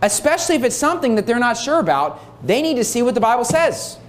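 A man's voice: extremely high pitch, very animated, fast talker. A man preaching a sermon, reading scripture aloud and repeating key phrases for emphasis.

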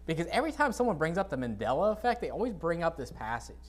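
A man preaching an informal sermon to a congregation, reading scripture and adding blunt, dismissive asides while often clearing his dry throat. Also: on the high side, wildly swooping pitch, fast. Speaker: pastor. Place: church sanctuary, speaking to a congregation.

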